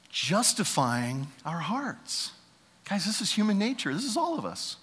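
A man in his fifties preaching a sermon as pastor, swinging between loud preaching and hushed asides. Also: fairly high pitch, big pitch swings, fairly quick, long pauses, long reverb tail, slight background noise. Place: church.

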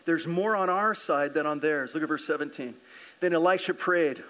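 A man preaching a sermon in a church, animated and acting out scripture characters. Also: fairly high pitch, normal speed. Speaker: pastor. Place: church sanctuary.

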